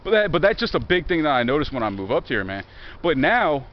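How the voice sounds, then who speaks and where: Talking fast in a slightly high, sing-song voice, a young Virginia man vlogs as he walks through woods beside a highway. His rambling monologue is profane and sarcastic, captured on muffled outdoor phone audio with a little background noise.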